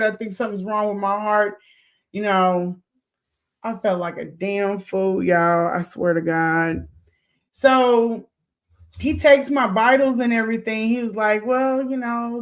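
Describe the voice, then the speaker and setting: Animated woman telling a story, higher voice. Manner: animated, swears freely, laughs, acts out quotes. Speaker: podcast host. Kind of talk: casual storytelling to listeners.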